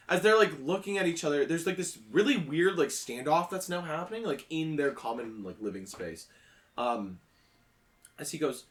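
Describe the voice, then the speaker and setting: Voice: medium pitch, animated, moderate pace. A game master casually narrating a tabletop game, rambling with many "like" fillers.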